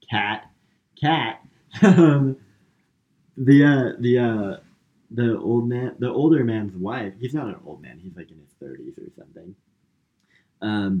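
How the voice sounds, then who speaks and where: Slow, low-voiced man rambling a movie recap. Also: phone-quality sound. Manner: rambling, filler-heavy retelling with lots of "like" and "um". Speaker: podcast co-host. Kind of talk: casual movie recap chat.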